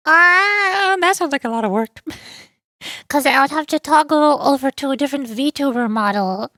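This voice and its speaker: A woman streamer in casual chat who stammers and exclaims in an animated way. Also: high-pitched, normal speed, dry recording.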